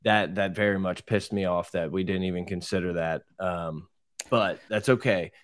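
A low-voiced man gives his opinions on a podcast, chatty and full of fillers. The recording is dry and close-miked. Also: fairly even intonation, normal speed, no room sound. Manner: opinionated, conversational, with many fillers. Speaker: podcast co-host. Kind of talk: casual sports chat.

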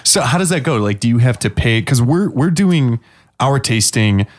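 A man's voice: mid-range voice, animated, normal speed. A man co-hosting a podcast from Illinois, chatting casually over beers, rambling with lots of fillers and laughing often. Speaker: podcast co-host.

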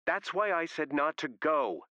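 A man narrating an audiobook voices a hostile young woman survivor who talks sharply in a raised, higher voice. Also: animated, unhurried, bright, forceful tone, dry recording, lo-fi sound. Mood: accusing. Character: frantic young woman survivor, bitter and accusing. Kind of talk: audiobook character voice.

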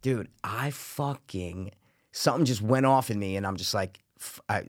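A man telling a story in casual chat, profane and animated, loudly acting out what people said. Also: on the low side, moderate pace, no echo, clean studio sound. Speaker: podcast co-host telling a story.

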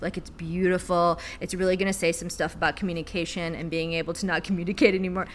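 A woman's voice: fairly low pitch, fairly even intonation, fast talker, few pauses, slight background noise. A woman co-hosting a casual chat, rambling with many fillers and casual swearing, reading a book passage aloud. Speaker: podcast co-host.

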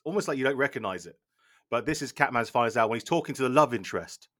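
A man in a mid-pitched voice, playing a film director as a guest on a comedy podcast. He rambles in a deadpan way and trips over his words. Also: quick pace. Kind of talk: comic chat in character.

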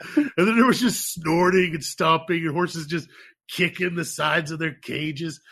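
A man telling profane, animated stories in casual podcast chat. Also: on the high side, unhurried. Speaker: podcast co-host.

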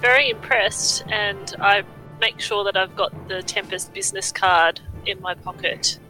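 A player in a tabletop game, eager and reacting quickly. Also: medium pitch, steady tone, pushed and bright, soft background music, poor audio. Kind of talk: casual tabletop play.

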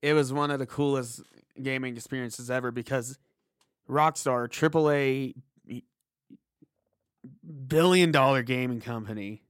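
A man's voice: medium pitch, measured pace, long pauses, smooth, no room sound, clean studio sound. A man co-hosting a podcast, chatting casually about a video game, rambling and restarting his sentences. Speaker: podcast co-host.

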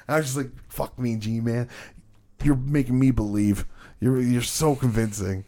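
A man co-hosting a podcast in casual, profane chat, laughing often and swinging between loud bursts and muttered asides. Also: mid-range voice, a little slow. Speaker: podcast co-host.

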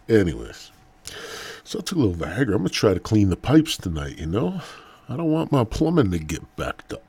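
A man's voice: on the low side, very animated, a little fast, vocal fry, mellow, husky. A middle-aged man hosting his own podcast, rambling through a crude, profane comedic monologue from home. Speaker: podcast host.

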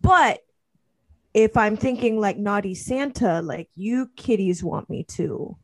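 A woman's voice: mid-range voice, expressive, slow, dry recording. A woman co-hosting a casual chat, playful and mock-cynical. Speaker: podcast co-host.

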